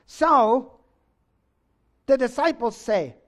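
A man preaching a sermon, reading scripture aloud and swinging between loud exclamations and low, intense stretches. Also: expressive, unhurried.

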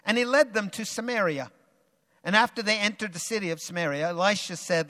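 A male preacher reads a Bible story aloud and retells it dramatically, swinging between loud bursts and quiet asides. His voice is high and bright with a sharp edge. A long hall reverb hangs around every phrase. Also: brisk. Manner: dramatic, varies loudness and pace freely. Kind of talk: sermon with dramatic Bible reading.

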